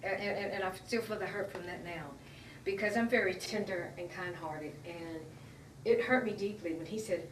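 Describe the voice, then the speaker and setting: A woman giving an emotional, halting personal account as an interviewee. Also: mid-range voice. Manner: earnest, emotional, halting retelling. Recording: roomy, distant mic, faint noise.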